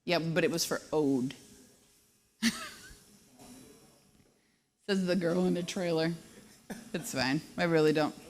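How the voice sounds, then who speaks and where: A woman's voice: deep voice, takes it slowly, pauses often. Female host, 30s, casual live-stream chat, self-deprecating humor. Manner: self-deprecating, joking, laughs often.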